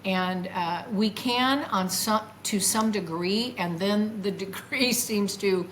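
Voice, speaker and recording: An older woman, a guest, tells her own story with feeling and acts out her past words in a lively voice. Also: medium pitch, slow, slight background noise, poor audio. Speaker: guest recounting a near-death experience. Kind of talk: emotional first-person storytelling.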